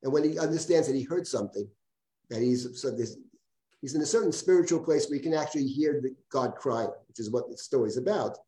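A man, a rabbi, teaching a text study lesson over a video call, reading passages aloud and translating them in a halting way, often repeating words as he explains. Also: medium pitch, animated, warm tone. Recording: roomy video-call audio.

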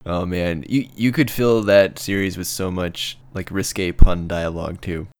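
A man's voice: low voice, fairly even intonation, measured pace, a little hiss or hum. A man co-hosting a casual podcast, explaining his ideas with enthusiastic, rambling detail. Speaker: co-host.

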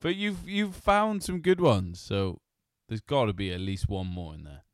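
A man's voice: on the low side, animated, a little slow, smooth, no room sound, studio quality. A man hosting a podcast, chatting casually, teasing his co-host, swearing and laughing often. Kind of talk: casual chat.

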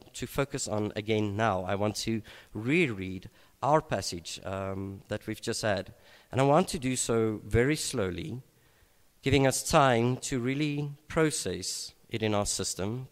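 A man preaching a sermon at an evening gathering, unhurried and reflective, with frequent hesitations and restarts. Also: lowish voice. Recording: long reverb of a large hall.

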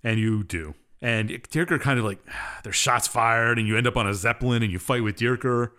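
A man's voice: mid-range voice, normal speed, sharp tone, clean tone. A man co-hosting a podcast, casually retelling a game's story with lots of "uh" fillers. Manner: rambling plot retelling with many "uh" fillers. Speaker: podcast co-host.

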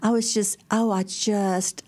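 A middle-aged woman co-hosting a faith talk show, telling stories in an animated way, acting out quotes and laughing often. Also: medium pitch, measured pace. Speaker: podcast co-host. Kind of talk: faith-based casual chat, storytelling.

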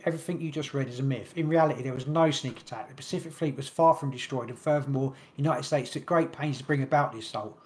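A man hosting a podcast, reading long passages from his notes quickly and stumbling over words now and then. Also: medium pitch. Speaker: podcast host. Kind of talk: casual podcast chat, reading notes aloud.

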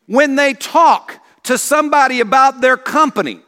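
A male senior pastor preaching a sermon, telling stories in an animated way. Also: very high-pitched, normal speed, clear, resonant tone. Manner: animated storytelling with acted voices. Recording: long reverb of a church hall.

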